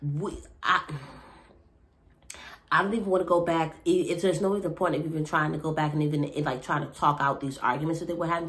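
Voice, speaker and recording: A woman with a notably low voice talks through a reality TV episode in a loose, casual reaction style. She is chatty and expressive, with plenty of slang as she reacts. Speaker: reality TV recap host.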